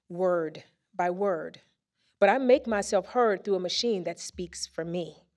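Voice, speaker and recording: A woman presenter reading a first-person story aloud on a theater stage into a microphone, with expressive comic timing. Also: mid-range voice. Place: theater stage before a live audience.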